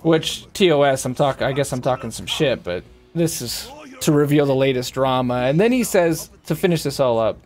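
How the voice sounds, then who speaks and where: A man's voice: mid-range voice, expressive, normal speed, soft background music. A young man streaming a game, ranting casually and heatedly with lots of swearing, rambling from thought to thought. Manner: profane, rambling, heated and emphatic. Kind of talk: casual rant while playing a game.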